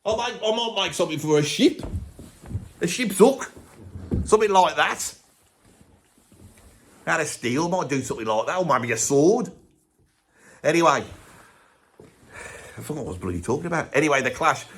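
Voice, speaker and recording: Bloke doing a grumpy brummie rock fan, middle-aged, rambles and swears a lot. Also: male voice, on the high side, lively intonation, normal speed, pauses often, slightly rough. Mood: grumbling. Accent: Birmingham. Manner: rambling, swears often, scoffing. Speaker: comedy character host. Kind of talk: comic rant to camera.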